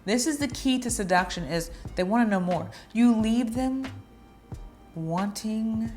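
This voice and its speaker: A woman's voice: a little high, lively intonation, unhurried, darkish tone, soft background music. A woman vlogger giving dating advice in a chatty, playful way, now and then acting out little flirty lines. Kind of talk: casual advice talk to camera.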